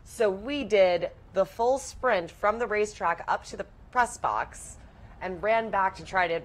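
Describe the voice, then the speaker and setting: A woman guest on a radio show, telling stories eagerly and with clear enthusiasm. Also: medium pitch, unhurried, low-quality recording. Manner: enthusiastic, storytelling. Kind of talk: casual radio interview.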